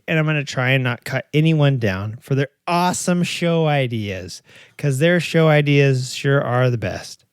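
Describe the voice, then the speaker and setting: A middle-aged man with a voice on the high side hosts a podcast, wandering through a casual monologue where he jokes, pokes fun at himself, and uses lots of fillers and restarts. The recording is dry and of studio quality.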